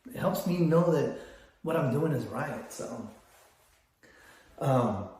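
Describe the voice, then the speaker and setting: A man's voice: mid-range voice, expressive, slow, darkish tone, a little hiss or hum. Rambling older man in an echoey room. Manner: rambling, storytelling with many restarts. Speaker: photography business vlogger. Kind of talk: casual vlog monologue.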